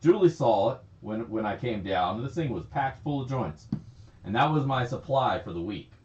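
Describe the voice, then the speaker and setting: A man's voice: medium pitch, animated, moderate pace, background noise. A man chatting casually on a livestream, rambling, laughing often and swearing freely. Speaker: livestream host. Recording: echoey, slightly dull stream audio.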